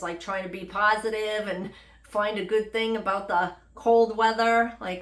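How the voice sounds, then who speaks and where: Middle-aged woman, casual vlogger, chatty and self-mocking, mid-pitched, echoey room. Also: fairly even intonation, a little slow, fairly bright tone. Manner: rambling, chatty, self-deprecating humor. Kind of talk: casual unedited health update vlog.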